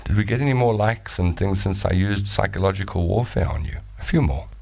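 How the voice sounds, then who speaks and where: Gravelly deep-voiced host. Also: male voice, brisk. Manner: lively and playful, reading voice notes. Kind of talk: live talk show chat.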